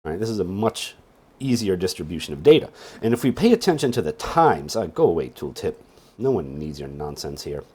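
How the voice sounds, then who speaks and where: Low husky sleepy man explaining casually. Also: very animated, fairly quick, a little mellow. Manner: rambling, with wry joking asides. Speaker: database instructor. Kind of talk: casual screen-share tutorial.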